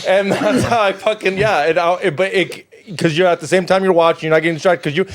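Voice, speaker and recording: A man with a somewhat higher voice talks haltingly in a casual podcast chat, stumbling and restarting as he goes. The sound is dry and close, with no echo. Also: steady tone. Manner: halting, stumbles over his words. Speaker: podcast guest.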